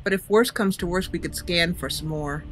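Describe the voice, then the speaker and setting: A woman's voice: fairly low pitch, moderate pace, slight background noise. A woman hosting a let's-play, chatting casually as she thinks aloud, with frequent hesitant fillers and small chuckles. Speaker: gaming channel host.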